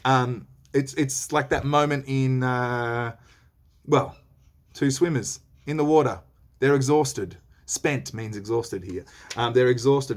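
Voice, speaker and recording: A man teaching a play, explaining lines in a casual, chatty way with frequent fillers. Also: medium pitch. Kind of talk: explaining a play while reading aloud. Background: faint background music.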